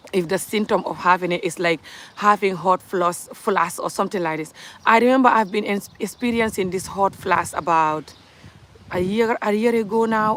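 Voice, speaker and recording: A woman in her forties from Gambia with a Gambian accent, talking in a passionate, rambling live monologue to her viewers. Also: lowish voice. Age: 40s. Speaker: livestreamer.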